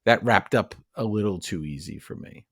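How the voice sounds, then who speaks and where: A man's voice: lowish voice, animated, moderate pace, no room sound, clean studio sound. A man co-hosting a podcast, chatting about a film and its comic roots in a loose, opinionated way. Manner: chatty, opinionated, many fillers. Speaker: podcast co-host. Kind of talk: casual film discussion.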